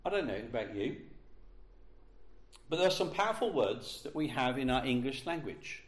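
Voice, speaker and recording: A man's voice: mid-range voice, big pitch swings. Emphatic male preacher in a roomy hall. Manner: emphatic, slows and stresses key words. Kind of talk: sermon. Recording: roomy echo.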